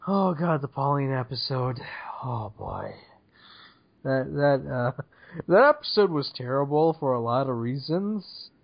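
A man's voice: medium pitch, expressive, a little slow, gravelly. A young man in casual chat, ranting with exasperation and lots of swearing. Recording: dull lo-fi sound.

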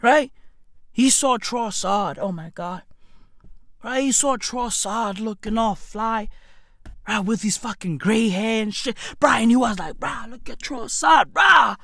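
A woman delivering a loud, mocking comedic rant about football. She often shouts and laughs. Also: a little high, a little slow, no echo, clean studio sound.

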